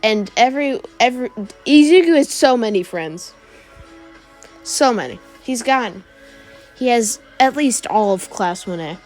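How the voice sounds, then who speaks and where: A woman's voice: a little high, animated, unhurried, darkish tone, soft background music. A woman improvising a comedic fan-fiction story, narrating in a rambling way with frequent fillers.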